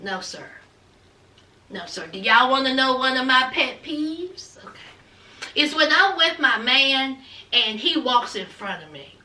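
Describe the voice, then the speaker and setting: A woman's voice: high voice, expressive, a little slow, bright, forceful tone, echoey room, far from the mic. A woman recapping a reality show in sassy, casual commentary, talking straight to her viewers. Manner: sassy, talks straight to viewers with "honey" and "child".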